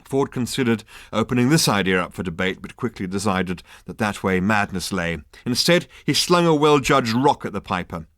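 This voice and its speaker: A British man narrating an audiobook in a dry, lively comic manner. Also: lowish voice, moderate pace, few pauses, dry recording. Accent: British English. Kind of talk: audiobook reading.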